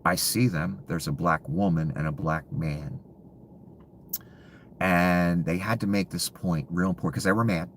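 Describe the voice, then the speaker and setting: Man, extremely deep voice, bitter contemptuous rant, swears, drops to hushed mutters, faint background hiss. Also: steady tone, a little slow. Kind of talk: ranting monologue.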